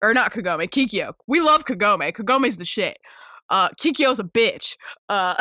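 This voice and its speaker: A woman in her twenties talks through a casual solo podcast in a bright, forward voice. She gets worked up easily, swears freely and laughs often between fillers. The sound is close and dry, with no room around it. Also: medium pitch, sing-song, a little slow, no echo. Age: 20s. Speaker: podcast host.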